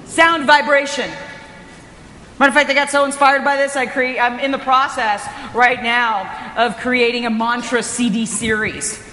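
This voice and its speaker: Bright, emphatic woman speaking in an echoey hall. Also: fairly high pitch, moderate pace. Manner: energetic, emphatic, often raising her voice. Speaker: motivational speaker. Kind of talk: inspirational conference talk. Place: hotel conference hall.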